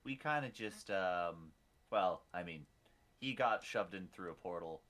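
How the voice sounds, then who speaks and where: A man's voice: low voice, lively intonation, unhurried, fairly bright tone. A man playing a tabletop game who talks in character in a rambling, easygoing way. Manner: rambling and easygoing, with lots of fillers. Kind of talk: casual in-character chat.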